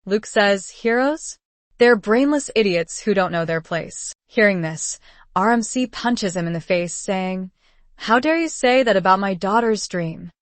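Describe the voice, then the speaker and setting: A woman's voice: mid-range voice, measured pace, dry recording. Woman reading a manhwa recap. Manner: reads all characters' lines in the same flat narrating voice. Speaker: narrator.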